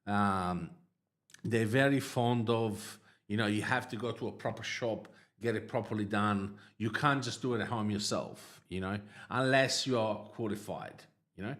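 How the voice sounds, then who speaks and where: A man hosting a livestream, telling a personal story in a casual, halting way, with lots of fillers and restarts, laughing at his own tale. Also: lowish voice, a bit bright. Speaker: livestream host.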